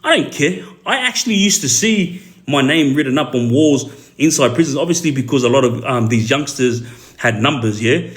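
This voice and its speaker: A man with an Australian accent, a former prisoner telling his story casually on a livestream, halting often with fillers and repeated words. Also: medium pitch, lively intonation.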